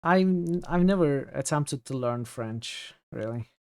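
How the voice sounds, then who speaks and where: A man with a Turkish accent talks casually over his gameplay, reading chat and thinking aloud with plenty of halting fillers. His pitch sits mid-range. The sound is close and dry, with no room around it. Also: animated, clean tone, dry recording. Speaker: streamer.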